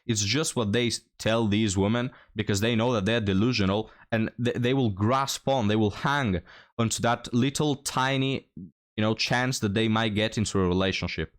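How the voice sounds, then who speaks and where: A man's voice: on the low side, normal speed. A man giving scornful, lecturing reaction commentary on a played clip.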